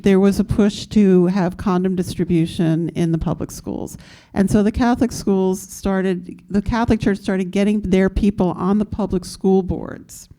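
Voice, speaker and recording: Low mellow-voiced woman telling activist history. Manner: candid storyteller, laughs, fillers. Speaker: panel guest speaker. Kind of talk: recounting activist history on a panel.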